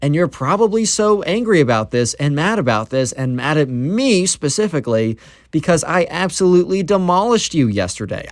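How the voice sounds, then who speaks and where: A man's voice: fairly high pitch, no room sound, clean studio sound. A man doing a smug young guy. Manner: cocky, lecturing. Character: smug, confident young male student.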